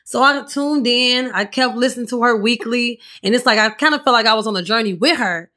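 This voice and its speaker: Raspy, bright-voiced woman podcaster. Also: on the high side, a little fast. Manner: candid, profane, chatty storytelling. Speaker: podcast host. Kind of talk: casual solo podcast monologue.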